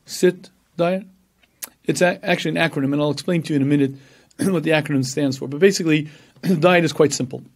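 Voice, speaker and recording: A man giving a religious lecture, telling stories with animation and acting out voices, often clearing his throat. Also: on the high side. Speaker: rabbi and lecturer. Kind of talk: Torah lecture.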